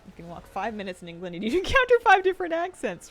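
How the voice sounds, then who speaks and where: A woman's voice: fairly high pitch, huge pitch swings, quick pace, a bit bright. A young Canadian woman streaming, chatting casually and giggling while she reads her chat aloud.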